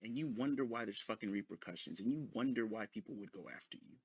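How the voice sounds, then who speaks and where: A man's voice: fairly low pitch, fast, slightly rough, dry recording. A man ranting in a sarcastic, mocking commentary full of profanity. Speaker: commentary video host.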